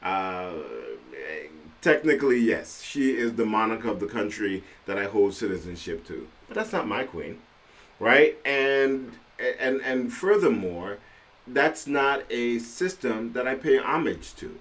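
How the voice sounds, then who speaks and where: A man from Trinidad hosting a podcast, talking in an animated, conversational way and often laughing. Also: medium pitch, unhurried. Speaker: podcast host. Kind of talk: casual solo commentary. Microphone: podcast microphone.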